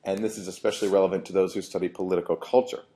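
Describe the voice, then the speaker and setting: A man's voice: deep voice, steady tone, rapid-fire, dark tone. A man, a professor, giving a university lecture in an explanatory way, often restarting phrases.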